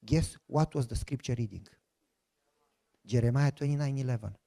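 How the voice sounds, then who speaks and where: A man's voice: mid-range voice, normal speed, vocal fry, warm tone. Emphatic preacher man telling his story. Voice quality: non-native broken English grammar. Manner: emphatic storytelling, imitates voices of others in quotes. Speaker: pastor. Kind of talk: sermon testimony.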